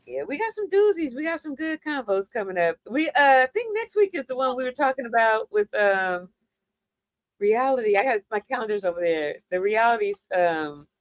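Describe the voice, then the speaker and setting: A woman from New York hosting a casual chat show, chatty and quick to laugh. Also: fairly high pitch, very animated, no room sound. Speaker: show host.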